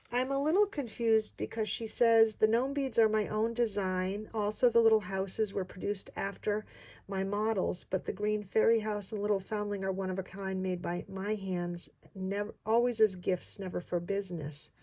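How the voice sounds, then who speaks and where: A woman chatting casually as a craft vlogger, gushing and excited, often gasping as she unboxes. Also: mid-range voice.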